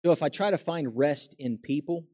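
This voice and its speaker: A man preaching a sermon as pastor, swinging from quiet asides to loud, emphatic exclamations. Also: on the high side, animated, moderate pace, breathy edge.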